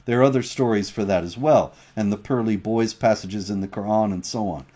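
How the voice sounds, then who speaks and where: A man's voice: lowish voice, a little fast, warm tone. Man lecturing emphatically on a livestream. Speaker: co-host of a livestream show. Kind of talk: livestream commentary, reading viewer chat.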